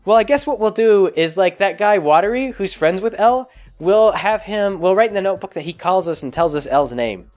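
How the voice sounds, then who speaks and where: A man's voice: high voice, animated, moderate pace, darkish tone. A man voicing a whiny, scheming teenage boy in a casual tone.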